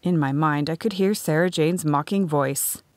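Woman reading an audiobook, low voice, dry close sound, even pace. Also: moderate pace, no echo. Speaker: audiobook narrator. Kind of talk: scripted first-person narration.

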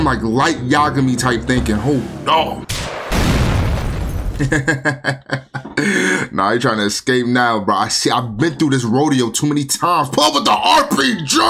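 Excitable young man narrating gameplay. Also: medium pitch. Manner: excitable, joking, shouts and exclamations. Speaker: gaming video host. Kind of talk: casual gameplay commentary.

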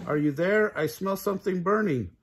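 An older man voicing a kindly male mole mail carrier who calls out in a friendly, husky voice. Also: high-pitched, moderate pace, pitched above the performer's own voice. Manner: friendly, calling out.

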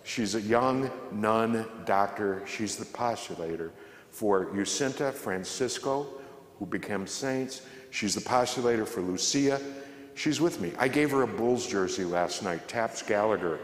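A man giving an inspirational faith talk at a church, joking and conversational, then dropping to a soft, quiet delivery. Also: on the low side, measured pace. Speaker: guest speaker at a church. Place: large church. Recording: echoey church hall with long reverb.

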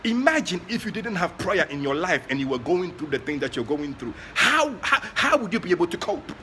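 A man with a Ghanaian accent preaching during an online prayer session, moving between soft asides and loud, passionate exclamations. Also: sits high, very animated, brisk, a little hiss or hum. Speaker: prophet leading online prayer. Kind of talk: sermon.

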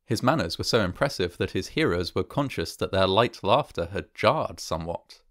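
A man narrating a classic horror story in a measured, even way. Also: deep voice, dry recording, studio quality.

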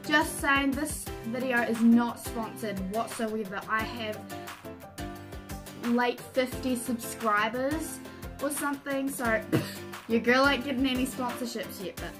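A woman beauty vlogger talking casually through an unboxing, gushing, excitable and often giggling. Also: fairly high pitch, measured pace. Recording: music playing under the voice.

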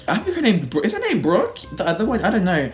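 A woman hosting a casual reaction video, talking in an animated way and laughing often. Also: medium pitch, fast, soft background music.

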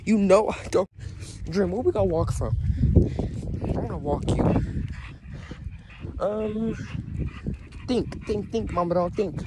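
A man with a high-sitting voice talks slowly with long pauses while casually vlogging at an outdoor dog park. Holding his phone, he chats to his dog and his viewers, and the outdoor phone recording picks up clear background noise.

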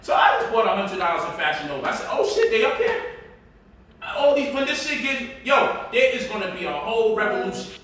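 A man's voice: high-pitched, animated, quick pace, sharp tone. A man hosting a casual livestream, teaching stock investing in a loose, joking, slangy way from his home. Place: home, indoors. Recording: echoey room, mic at a distance.

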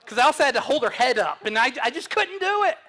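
A man's voice: extremely high pitch, sing-song, fast talker, pushed and bright, a faint crowd. A young man preaching a sermon, earnest and humorous, telling stories. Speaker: pastor.

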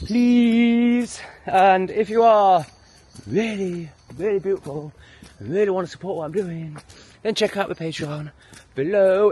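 An English man ranting heatedly and swearing a lot in his own opinion vlog. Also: fairly high pitch. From England. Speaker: vlogger. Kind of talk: profane opinion rant.

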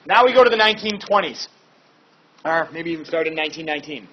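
A man's voice: on the high side, animated, fast talker. A man teaching a history lesson in a casual, chatty way, with informal asides and fillers. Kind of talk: casual classroom lecture. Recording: dull lo-fi recording.

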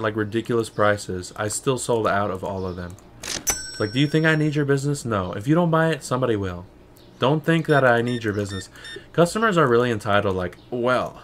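A man's voice: medium pitch, a bit bright, a little hiss or hum. A young man streaming a shop game, chatting casually and sarcastically, with lots of "bro" and "like". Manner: rambling, sarcastic, says "bro" and "like" a lot. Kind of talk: casual gameplay commentary.

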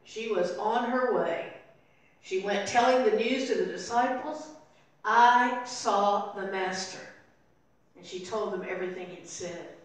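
An older woman preaching a sermon as pastor, telling the story and voicing its people softly. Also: mid-range voice, normal speed. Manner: storytelling, acting out voices softly in quotes. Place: church sanctuary. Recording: very echoey room, voice from far off.

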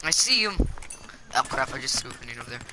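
A man streaming a shooter game, rambling and excitable, often poking fun at himself as he plays. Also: mid-range voice, fast talker, noisy background. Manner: rambling, excitable, self-mocking. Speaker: gaming streamer. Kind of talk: live gameplay commentary. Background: loud game music.

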